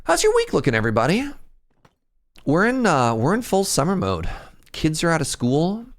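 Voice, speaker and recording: Speaking at a normal pace with a voice on the high side and huge swings in pitch, this young Minecraft streamer from Canada banters with his chat. He talks through his building out loud and jokes at his own expense.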